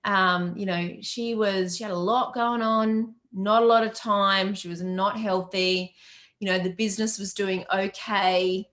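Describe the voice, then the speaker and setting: A bright, medium-pitched voice comes through a laptop or webcam mic as a middle-aged Australian business coach chats on a live Q&A stream. She speaks a little slowly with fairly even intonation, stays upbeat and chatty, greets viewers by name, and laughs often.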